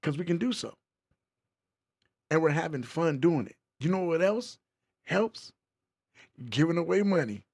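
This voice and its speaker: A man's voice: a little high, animated, measured pace, gravelly, pauses often, darkish tone. A man hosting a casual livestream podcast, playfully teasing and reading chat comments aloud. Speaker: podcast host.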